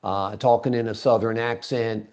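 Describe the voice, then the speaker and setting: Male interview host, low and mellow, easygoing and agreeable; dull lo-fi audio. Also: fairly even intonation, moderate pace, smooth. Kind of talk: casual conversational interview. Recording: dull lo-fi recording.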